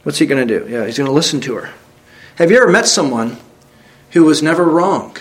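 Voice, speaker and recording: A man's voice: on the high side, animated, brisk. Earnest preacher man, rising and falling. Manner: earnest, rising to emphatic peaks then dropping quiet; asks the congregation direct questions. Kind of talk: sermon with scripture reading.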